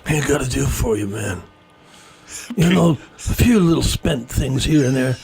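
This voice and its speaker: A man voicing a gruff male mob-boss arms dealer with a smooth, pushy sales patter. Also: lively intonation, normal speed, darkish tone. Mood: wheedling. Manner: smooth-talking sales pitch.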